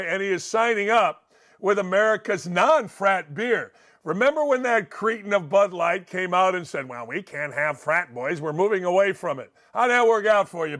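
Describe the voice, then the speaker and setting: Sports talk guy going off, blunt and profane, kinda high voice for a man. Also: fairly bright tone. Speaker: sports talk show host. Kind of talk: opinion rant.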